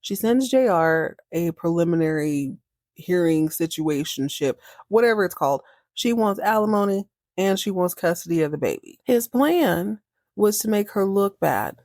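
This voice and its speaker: A woman's voice: on the low side, dry recording, studio quality. Chatty woman recapping a TV episode. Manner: chatty, animated, acts out characters' lines. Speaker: podcast host.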